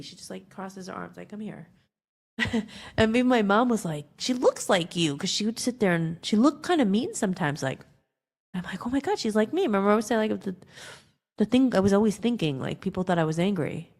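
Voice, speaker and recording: Gravelly-voiced woman telling a personal story. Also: mid-range voice, darkish tone. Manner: rambling, emotional, many fillers and restarts. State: tearful at times. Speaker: podcast host.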